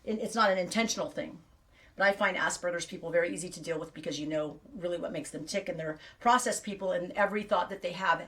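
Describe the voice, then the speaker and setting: A woman's voice: lowish voice, fairly bright tone. Middle-aged woman rambling to her livestream, self-deprecating, a little far off the mic. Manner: chatty, self-deprecating, digressive. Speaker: knitting show host.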